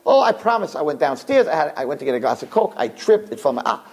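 A man voicing a drunk husband who pleads innocence to his wife in a high, whiny voice. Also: sing-song, fast talker. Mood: pleading.

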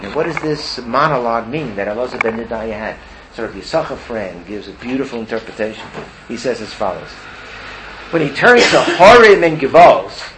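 A man teaching a religious class, telling a story in an animated way and acting out the quotes. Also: mid-range voice, noisy background. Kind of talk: storytelling Torah lesson.

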